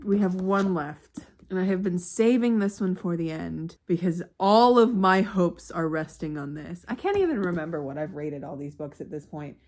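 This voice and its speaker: A young woman talking casually at home in a reading vlog, candid and quick to swear and laugh. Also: fairly low pitch, lively intonation, darkish tone. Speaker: book vlogger.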